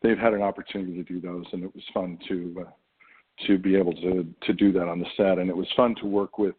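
A middle-aged man from the United States speaks in a very low, husky voice, musing his way through answers with frequent ums and restarts. The sound is thin and phone-like, as if over a narrow line. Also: flat delivery. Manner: thoughtful, halting, many fillers and restarts. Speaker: actor guest. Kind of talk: casual interview talk.

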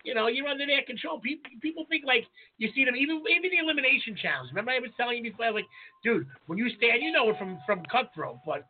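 A brash, profane man co-hosts a casual podcast, talking fast and with emphasis. His voice is unusually high and husky. The audio is narrow and tinny, like a phone call. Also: lively intonation, slight background noise. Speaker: podcast co-host and chef.

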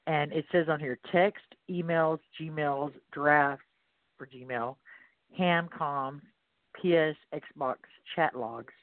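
A man with a Texan accent hosting a radio show, reading posts aloud in a rambling, halting way. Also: on the high side, no room sound. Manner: rambling, halting with many fillers. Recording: tinny phone-like line, dry.

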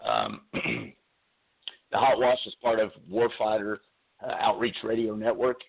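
A man hosting a talk radio show, speaking earnestly with many pauses and fillers while losing his voice, calling in by cell phone. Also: on the low side, very animated, creaky. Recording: tinny cell phone line.

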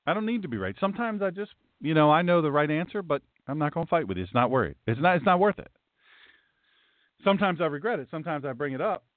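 Folksy emphatic pastor on a tinny line. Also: male voice, fairly high pitch, animated, quick pace, dry recording. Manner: folksy, emphatic, talks to viewers. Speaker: pastor and show host. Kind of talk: livestream Bible teaching. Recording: tinny phone-like dry sound.

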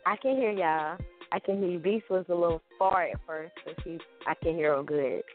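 A woman's voice: fairly low pitch, normal speed, faint music behind. A woman calling in to a morning show as co-host, upbeat and chatty. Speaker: remote co-host. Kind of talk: casual live radio chat. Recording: tinny phone-like line.

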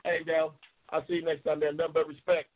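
A man's voice: fairly high pitch, little pitch movement, fairly quick. A man hosting a live call-in talk show, trash-talking and teasing callers with lots of cursing. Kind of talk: casual live call-in banter. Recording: tinny phone-line sound.

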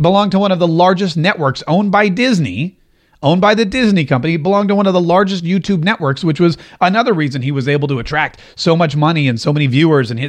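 Animated, rambling male talk host. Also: high-pitched. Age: middle-aged. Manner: animated, rambling, repeats himself. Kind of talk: opinion talk show monologue.

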